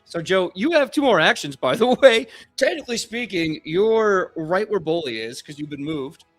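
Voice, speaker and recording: A man's voice: high-pitched, moderate pace, soft background music. A man running a tabletop game as game master, narrating the scene. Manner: lively, animated narration.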